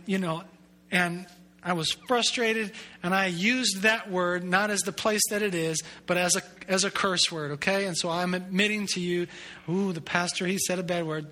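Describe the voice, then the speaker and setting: A man's voice: sits high, fairly even intonation, measured pace, bright, forceful tone. A man preaching a sermon as a pastor, earnest and conversational, repeating words as he builds emphasis and tossing in self-deprecating asides. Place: church sanctuary.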